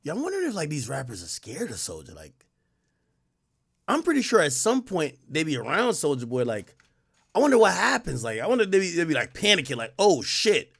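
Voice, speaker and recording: A man hosting a livestream, chatting excitably and thinking aloud about rappers. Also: on the high side, a little fast, creaky, slightly rough. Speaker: stream host. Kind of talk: casual commentary.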